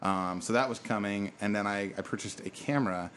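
A man's voice: lowish voice, brisk, a bit bright, a little hiss or hum. A man co-hosting a podcast, telling a long rambling story in casual chat and swearing freely. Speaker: podcast co-host.

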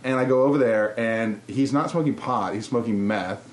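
A man's voice: medium pitch, normal speed. A young man telling candid stories in casual podcast chat, laughing often. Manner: candid, laughing, animated storyteller. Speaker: podcast co-host. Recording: roomy echo.

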